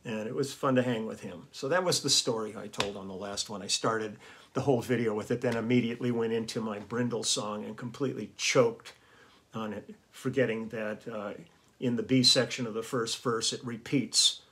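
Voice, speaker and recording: A man's voice: fairly low pitch, fairly even intonation, moderate pace, a bit bright. A man hosting his own vlog, telling a casual, rambling story with chuckles and fillers. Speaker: vlog host and musician.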